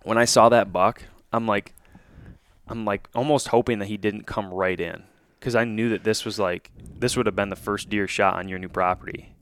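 A man's voice: lowish voice, fairly even intonation, moderate pace, a bit bright, smooth. A man co-hosting a hunting podcast, telling a hunting story in casual chat with lots of restarts and quoted dialogue. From Michigan.

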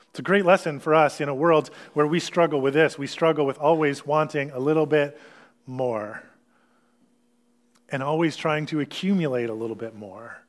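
A man with a notably high speaking voice delivers a sermon as a pastor. He explains scripture earnestly, working through it step by step with pauses and small restarts. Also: fairly bright tone.

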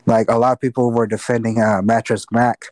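A man's voice: medium pitch, flat delivery, normal speed, darkish tone, no room sound. A man co-hosting a podcast in casual chat, rambling on tangents and swearing freely. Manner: rambling, loses his train of thought, swears freely. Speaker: podcast co-host.

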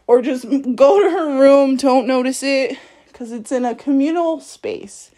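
A woman's voice: high voice, unhurried, dark tone. A woman hosting a podcast, telling a personal story in a frank, profane way and laughing often as she talks. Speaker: podcast host. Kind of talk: candid personal monologue.

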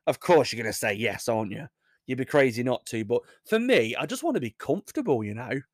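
A man's voice: medium pitch, sing-song, a little fast, dry recording, clean studio sound. A young English man hosting a casual show, reading odd news stories and rambling through jokey asides that he laughs at. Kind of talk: casual chat.

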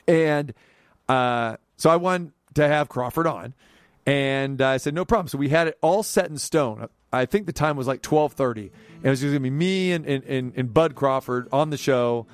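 A man hosting a sports talk radio show, telling a story in an animated monologue, his voice climbing sharply when he gets riled up. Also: mid-range voice, normal speed, no room sound, studio quality.

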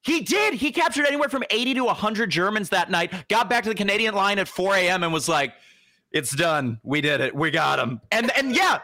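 Young man, podcast co-host, history storytelling, high lively voice, excitable, dry close sound. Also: no room sound. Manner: excitable, laughing, acts out quotes.

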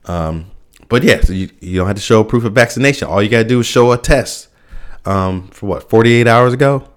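A man's voice: lowish voice, brisk. A man hosting a podcast alone, rambling through a casual rant with lots of fillers, restarts and little laughs at himself. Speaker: podcast host.

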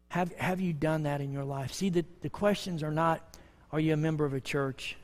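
Impassioned pastor preaching in a reverberant church. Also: male voice, on the high side. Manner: impassioned, pleading, with dramatic pauses. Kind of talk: sermon. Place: church sanctuary.

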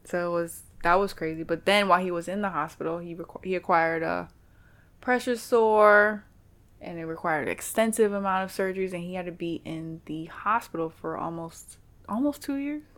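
A woman in casual conversation, telling stories in a lively, chatty way and acting out the voices of the people she quotes. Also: lowish voice, moderate pace. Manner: chatty, animated storytelling with quoted dialogue. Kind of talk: casual chat.

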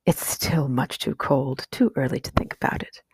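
A woman reading an audiobook, voicing a caring mother who speaks gently and protectively to her children. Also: sits low, animated, normal speed, breathy edge, no room sound, full character voice.

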